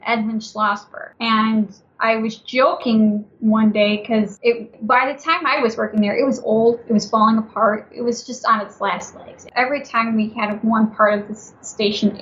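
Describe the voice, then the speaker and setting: A woman with a fairly high voice, talking freely as a podcast guest. She tells her stories in a chatty, anecdotal way. The audio sounds dull and lo-fi. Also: fairly even intonation, normal speed, few pauses, a bit bright. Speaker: podcast guest, former museum guide. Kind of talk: telling ghost stories in a casual interview.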